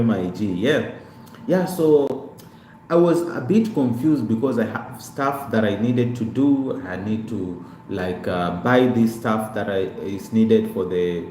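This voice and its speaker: A man's voice: on the low side, a little slow, darkish tone. A young man chatting casually on a live stream, greeting viewers by name and repeating himself as he talks through his life story. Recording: echoey room with faint background noise.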